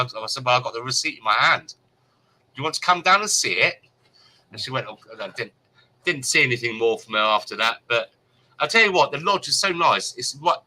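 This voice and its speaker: A man's voice: mid-range voice, sharp tone, rough recording. A man in casual chat, animatedly retelling a run-in by acting out both sides of the conversation. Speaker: friend telling a story.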